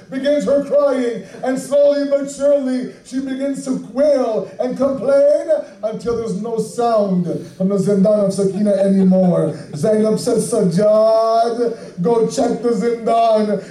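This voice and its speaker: A man preaching an emotional mourning sermon in a drawn-out style, at times shouting. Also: very high-pitched, steady tone. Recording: echoey room, voice from far off.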